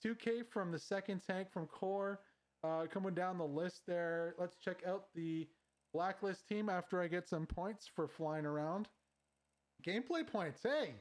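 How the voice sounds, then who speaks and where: A man casting a competitive online shooter match as play-by-play commentator, quick and conversational, climbing in pitch when the action heats up. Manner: excited, rising sharply at big plays. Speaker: shoutcaster.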